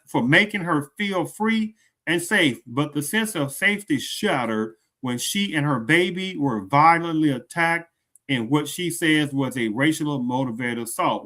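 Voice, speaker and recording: A man's voice: fairly high pitch, pushed and bright. A man hosting a commentary show, reacting to a clip and asking his audience repeated rhetorical questions. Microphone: streaming setup.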